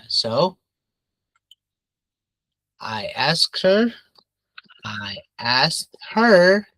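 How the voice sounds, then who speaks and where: A man teaching English grammar in a slow, unhurried way, switching between English and Mandarin and repeating key phrases. His pitch moves up and down a lot as he stresses words, and the sound is dry and close with no room echo. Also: bright, forceful tone. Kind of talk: classroom grammar lesson.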